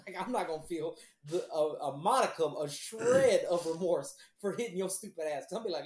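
A man in crude, casual podcast banter, swearing freely and slipping into other people's voices as he tells a story. His voice sits fairly high and jumps around a lot in pitch. The room is echoey. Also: fairly quick, hardly any pauses. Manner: profane, animated storytelling with laughs and impressions. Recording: roomy echo.

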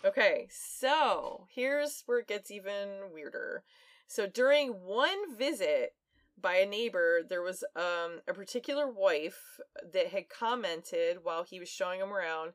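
A woman's voice: medium pitch, lively intonation, unhurried, dry recording. A woman co-hosting a podcast, casually retelling a true-crime story with plenty of fillers and laughs. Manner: chatty, laughs often, many fillers. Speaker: podcast co-host.

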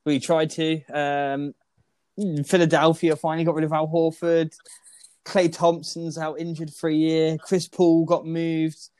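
A man's voice: a little high, completely flat delivery, measured pace, a little mellow, clear, resonant tone, no echo. A young man hosting a casual podcast chat, laughing and teasing his co-hosts. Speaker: podcast host.

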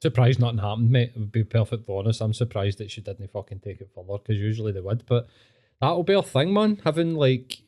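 A man's voice: mid-range voice, expressive, brisk, dark tone. A Scottish man chatting bluntly and swearing often as co-host of a casual podcast.

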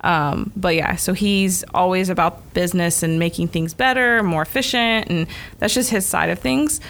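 A woman in her thirties, a salon owner and hairstylist, telling a story in casual chat and acting out the quoted dialogue with lively energy. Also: on the low side, normal speed. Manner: animated, acts out quoted dialogue.

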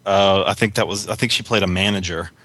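A man with a very deep voice and a bright, forceful edge talks through movie scenes haltingly, stopping and restarting with a wry tone. He sounds like a casual podcast co-host. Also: fairly even intonation, no echo. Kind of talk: casual film chat.

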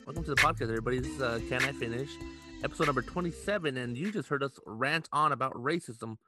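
A man's voice: mid-range voice, fast, loud music behind the voice. A young man from Los Angeles hosting a podcast, chatting loosely, laughing and swearing freely. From Los Angeles, USA. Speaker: podcast host. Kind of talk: casual chat.

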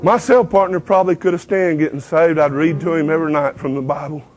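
A man's voice: on the high side, fairly even intonation, quick pace, darkish tone, faint music behind, low-quality recording. A man giving a folksy testimony sermon, breaking now and then into lines of a hymn. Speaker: preacher giving his testimony.

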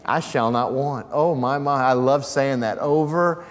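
A man's voice: mid-range voice, a little slow. A man preaching a sermon as pastor, calling out questions to his congregation. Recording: long church reverb.

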